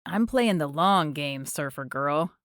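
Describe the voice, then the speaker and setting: An easygoing young male surfer with a wry charm, as a woman narrator puts him on. His lines sit a little lower than her reading voice, in a dry, close recording. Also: animated, measured pace, a bit bright, no echo.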